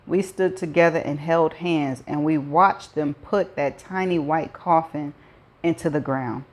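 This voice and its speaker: Woman reading a tender, sorrowful woman, soft and pleading, storybook read-aloud, low voice. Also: measured pace.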